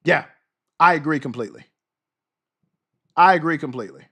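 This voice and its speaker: Male streamer, a touch high-pitched, shouting with passion and wearing out his voice while he reads and reacts. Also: normal speed, breathy edge. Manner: loud, fired-up, profane, shouts with passion. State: losing his voice. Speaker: livestream host. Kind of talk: livestream commentary and news reading.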